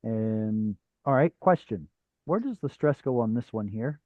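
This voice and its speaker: A man's voice: lowish voice, animated, measured pace, dry recording, phone-quality sound. A man teaching a Hebrew reading class over a video call, patient and step by step, with frequent fillers. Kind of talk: live online class teaching.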